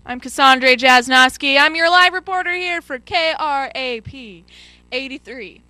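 A woman playing an awkward, clueless field reporter in a spoof comedy sketch, speaking in halting, fumbling phrases. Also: high-pitched, sharp tone, dry recording. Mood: bumbling.

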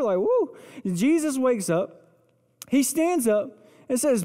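A pastor preaching with a mellow, rounded tone, telling the scripture story vividly and sinking to a hushed intensity at key moments. The voice rings out in a church hall with a long reverb tail. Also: sits high, big pitch swings, slow. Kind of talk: sermon. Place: church sanctuary.

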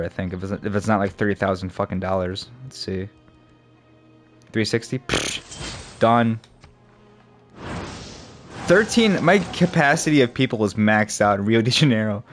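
Lively low-voiced man playing a strategy game. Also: measured pace, long pauses. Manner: casual, swearing, thinking aloud. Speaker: gamer. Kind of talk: let's play commentary. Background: faint game music.

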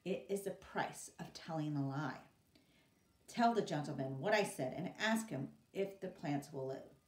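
A woman's voice: low-pitched, animated, a little slow, recorded from a distance. A woman reading aloud, voicing a firm, grave older grandfather who moralizes, in a roomy recording from away from the mic. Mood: resolute. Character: stern but caring older grandfather.

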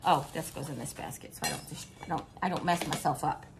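A woman's voice: sits low, brisk, gravelly, noisy background. Chatty, upbeat woman showing off a haul. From Missouri. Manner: chatty, upbeat and giggly, with rambling asides. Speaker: vlogger. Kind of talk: casual haul vlog chat.

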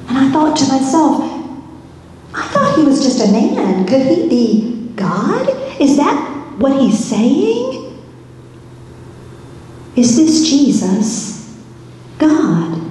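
A woman's voice: mid-range voice, mellow, a little hiss or hum. A woman pastor playing a curious, searching Roman governor's wife in a first-person church monologue, asking many wondering questions. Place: church sanctuary. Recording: echoey church hall.

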